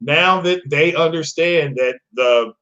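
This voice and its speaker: On a muffled recording, a man co-hosting a gaming talk show speaks slowly in a fairly high, pushed, bright voice. In this casual chat he explains things at length, with many hesitations and restarts.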